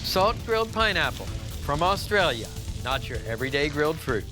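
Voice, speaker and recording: Lively man hosting a grilling show. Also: fairly high pitch. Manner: enthusiastic, punchy, measured instructions. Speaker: TV cooking show host. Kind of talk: scripted cooking show presenting. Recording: broadcast audio with music bed.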